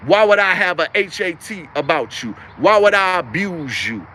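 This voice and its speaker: A young man with a high-pitched voice delivers a preachy livestream monologue. He hammers his points home with emphatic, repetitive phrasing. He talks the whole time as the live-stream host. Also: expressive, normal speed, bright, forceful tone, slight background noise.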